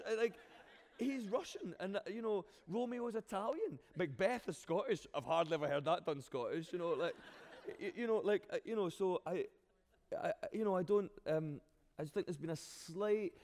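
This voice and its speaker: An actor with a Glaswegian accent answers interview questions animatedly, often restarting his sentences. His voice is high-pitched, and the recording has a big-room sound.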